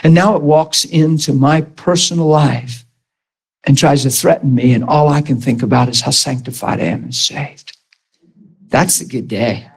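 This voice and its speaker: A man's voice: mid-range voice, normal speed, vocal fry, slightly rough. A man preaching an informal sermon to a Bible school class, earnest and emphatic, laughing often and asking the room questions. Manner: laughs often, jokes with the class, acts out quoted voices.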